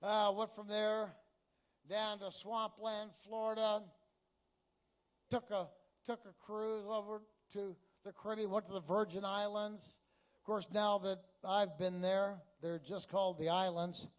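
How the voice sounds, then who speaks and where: High-voiced texas guy doing standup, brash and crude, lots of chatty asides. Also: flat delivery, measured pace, clear, resonant tone. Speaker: stand-up comedian. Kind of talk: stand-up comedy routine.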